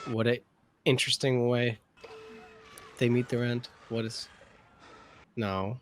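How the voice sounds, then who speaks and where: A man's voice: medium pitch, fairly even intonation, slow, slight background noise. A man co-hosting a reaction video, talking casually, swearing a lot and getting emotional as he thinks aloud.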